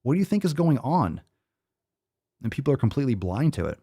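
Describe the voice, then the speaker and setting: A male podcast host in the middle of a fired-up rant, swearing freely and mocking as he goes. His voice sits at an ordinary, mid pitch for a man. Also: very animated, brisk, warm tone.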